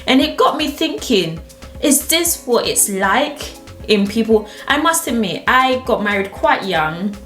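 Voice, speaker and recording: A woman's voice: fairly high pitch, sing-song, slow, fairly bright tone. A young adult woman hosting her own channel, chatting casually to camera and telling stories expressively, laughing easily. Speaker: channel host. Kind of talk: casual vlog chat to camera. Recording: roomy echo with faint background music.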